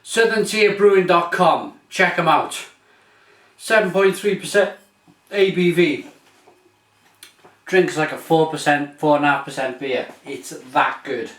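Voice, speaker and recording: A British man hosts a casual review vlog, his voice sitting fairly high. He talks eagerly but loosely, doubling back and repeating himself. The sound is roomy and echoey, with the mic set some way off. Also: a little slow, long pauses, a bit bright. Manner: enthusiastic, rambling, with frequent restarts and repeats. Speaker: beer reviewer, channel host. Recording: echoey room, mic at a distance.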